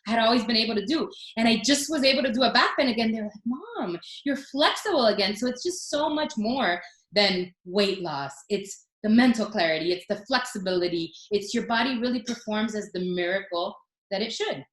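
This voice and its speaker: Animated storytelling woman, echoey room. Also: medium pitch, fairly quick. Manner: animated storytelling, acts out quotes. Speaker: guest. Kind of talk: casual chat.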